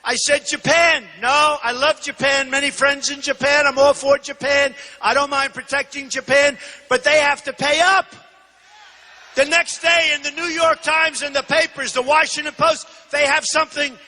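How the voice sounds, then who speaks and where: A man in his sixties giving an emphatic, repetitive campaign rally speech, often shouting. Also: extremely high pitch, long reverb tail. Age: 60s. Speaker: political candidate. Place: large indoor arena.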